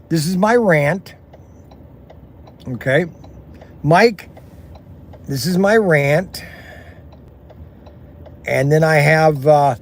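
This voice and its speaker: A man with a high voice talks slowly and chattily while sitting in his car, drifting from thought to thought and throwing in folksy exclamations. His phone camera picks him up inside the vehicle, with a faint hum of the road behind him. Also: darkish tone. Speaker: vlogger. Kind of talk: rambling in-car vlog. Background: faint road and vehicle noise.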